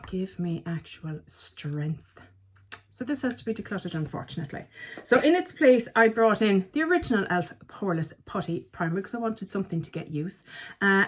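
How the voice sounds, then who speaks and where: A woman chats casually through a beauty vlog in her thirties. She rambles warmly between products and pokes fun at herself with animated little asides. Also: medium pitch, normal speed. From Ireland. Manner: chatty, self-mocking, animated asides. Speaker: beauty vlogger. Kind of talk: casual chat.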